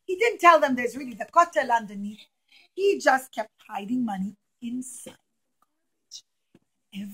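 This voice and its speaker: A woman telling a story to young children in a classroom, animated, acting out the characters with gasps and whispers. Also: high-pitched, slightly rough, low-quality recording.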